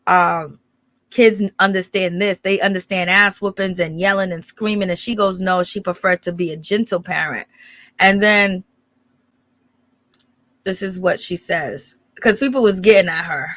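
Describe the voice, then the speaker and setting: A woman's voice: on the low side, fairly even intonation, moderate pace, a bit bright, no echo. A woman hosting a gossip commentary channel, recapping a clip in a rambling, casual way with lots of fillers.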